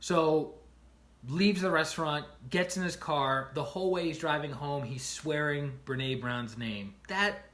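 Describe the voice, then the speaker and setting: A man on a casual livestream, retelling stories in an animated way and acting out the people in them, often checking in with the listener with "right?". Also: on the high side, moderate pace. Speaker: life coach streaming to viewers.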